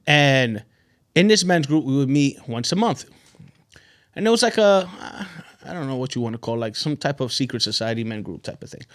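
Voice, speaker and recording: Guy podcasting a self-help story, chatty, keeps saying right?, voice jumps up and down a lot. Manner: conversational, repeats himself, says "right?" often; animated, swings in pitch and loudness. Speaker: podcast host. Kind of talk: motivational storytelling monologue.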